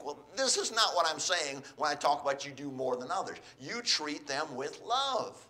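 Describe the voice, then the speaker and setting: Brief: earnest preacher, exhorting sermon delivery, bright and somewhat high-pitched. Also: male voice, very animated, normal speed, hardly any pauses. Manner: earnest, exhorting, asks the listeners questions.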